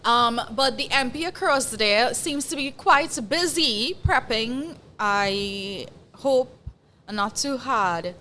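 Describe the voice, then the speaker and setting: Trini woman on a podcast, bright tone, laughing and teasing a lot. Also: on the high side, expressive, a little hiss or hum. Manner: laughing, teasing and quick to protest. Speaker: podcast co-host. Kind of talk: casual chat.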